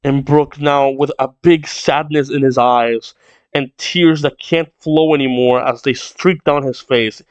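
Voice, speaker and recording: A man's voice: medium pitch, steady tone, unhurried, smooth, no room sound, dull audio. A man reading a comic aloud and reacting, rambling and thinking aloud as he goes. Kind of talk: casual read-along reaction.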